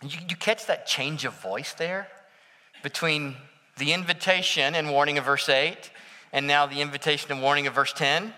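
A man preaching a sermon as pastor, swinging between bold declarations and hushed near-whispers. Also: fairly high pitch, fairly even intonation, normal speed, big-room sound. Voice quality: dramatic shifts between loud declaration and soft near-whisper.

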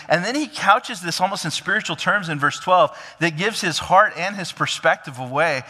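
A man preaching a sermon in an animated way, often stammering into restarts. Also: high voice, moderate pace, few pauses, long reverb tail. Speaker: pastor.

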